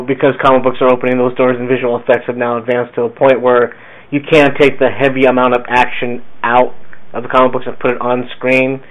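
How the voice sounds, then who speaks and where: A man co-hosting a casual podcast with dry, teasing sarcasm. He talks quickly in a flat, even tone. The sound is tinny and phone-like. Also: mid-range voice. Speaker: podcast co-host. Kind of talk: casual chat.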